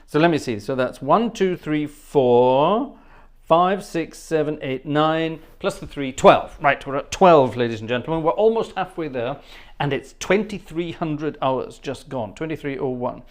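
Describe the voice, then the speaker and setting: A man's voice: fairly high pitch, expressive, a little slow. A man hosting a casual livestream, chatty and rambling, laughing often and thanking viewers by name. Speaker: livestream host and organist. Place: home studio.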